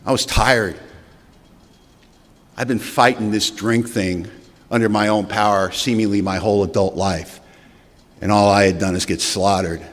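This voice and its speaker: A man's voice: on the low side, steady tone, measured pace, pauses often. A man giving a personal recovery testimony at a meeting, with candid, wry storytelling that acts out past conversations. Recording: long hall reverb.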